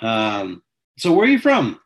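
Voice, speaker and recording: A man's voice: lowish voice, huge pitch swings, a little slow, vocal fry. A man hosting a casual livestream chat, greeting viewers and answering their questions in a chatty, welcoming way. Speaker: livestream host.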